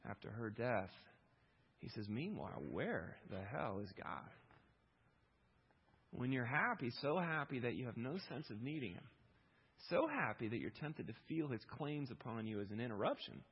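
A man preaching a sermon, moving between loud pleading questions and quiet reflective reading, with a husky voice. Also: mid-range voice, lo-fi sound. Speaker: pastor.

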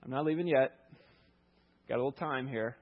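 A preacher putting on Jesus, a calm, reassuring risen teacher, spoken in a husky, breathy tone. The words come plainly and conversationally, as in a retold story, on a dull, lo-fi recording. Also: male voice, medium pitch, a little fast, close to an everyday voice.

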